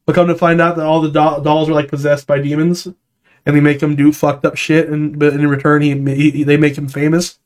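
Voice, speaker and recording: A man in casual chat, animated and rambling, swearing freely and dropping into funny voices while telling stories. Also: on the high side, fairly quick.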